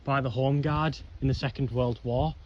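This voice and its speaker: A man's voice: medium pitch, fairly even intonation, normal speed, dull audio. Young man, casual explorer vlog commentary, rambling and slightly out of breath, noisy outdoor mic. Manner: rambling, chatty, frequent ums and whatnots. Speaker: vlogger exploring old mine ruins. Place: outdoors on a windy hillside. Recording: noisy outdoor camera audio.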